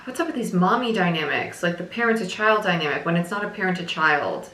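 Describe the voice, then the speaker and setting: Bright-voiced chatty woman reading tarot. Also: on the low side, expressive, quick pace, reverberant, poor audio. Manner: chatty, repeats herself, frequent "like" and "right?". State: chewing gum while talking. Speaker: tarot reader. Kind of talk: casual tarot reading to camera.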